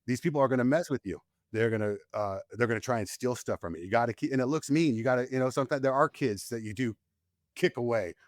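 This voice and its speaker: A man's voice: mid-range voice, fast, dry recording, clean studio sound. A man in his forties, a Marine combat veteran, tells war stories candidly as a podcast guest, his voice climbing when he relives tense moments. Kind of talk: candid storytelling in casual conversation.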